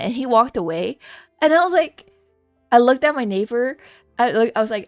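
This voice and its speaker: A young woman streaming live, telling a story in a lively, chatty way with laughs and swearing. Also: a little high, moderate pace, long pauses, no echo, soft background music. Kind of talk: casual live-stream chat.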